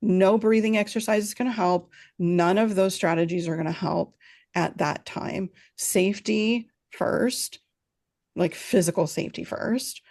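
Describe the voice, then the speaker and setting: A woman answering interview questions as a parenting expert on a video call, explaining calmly and often checking in with a quick "right?". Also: lowish voice, vocal fry. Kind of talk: interview answers at a virtual summit.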